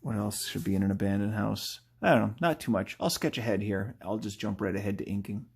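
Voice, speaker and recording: A man's voice: on the low side, a little fast, creaky, a little mellow, slightly rough. Rambling chatty man sketching live. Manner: rambling and chatty, laughs at his own jokes; thinks aloud while drawing, often trails off. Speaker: artist drawing live. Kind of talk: casual live-drawing commentary.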